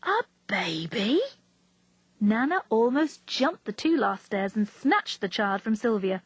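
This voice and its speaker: A woman reading a story aloud in a steady, even narrating voice. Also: a little high, measured pace, dry recording, rough recording. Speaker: reader.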